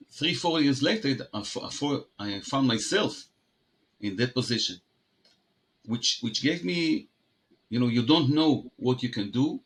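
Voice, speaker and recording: Israeli man, halting conversational manner. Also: mid-range voice, fairly bright tone. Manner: halting, many restarts and fillers. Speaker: guest entrepreneur. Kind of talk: conversational interview.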